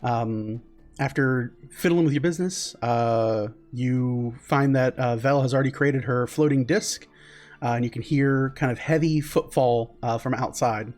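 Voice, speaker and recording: A man narrating as game master in a tabletop game, with relaxed narration full of fillers. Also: medium pitch, measured pace, soft background music.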